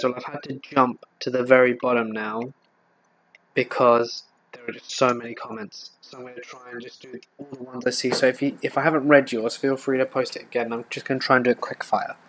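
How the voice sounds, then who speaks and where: A man's voice: mid-range voice, level tone, brisk, a bit bright. A man, hosting a casual live stream and answering viewer questions in a chatty, hesitant way. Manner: chatty, hesitant, with frequent fillers and restarts. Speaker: horror story narrator and channel host.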